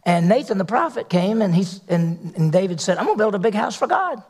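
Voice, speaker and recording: High gravelly pastor in an echoing hall. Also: male voice, big pitch swings, a little fast, a little mellow. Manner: folksy storytelling with acted quotes. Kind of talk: sermon. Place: church hall. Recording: long hall reverb.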